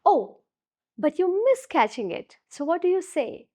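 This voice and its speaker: A woman teaching children a phonics lesson, encouraging and demonstrating each sound slowly. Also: very high voice, sing-song, a little mellow.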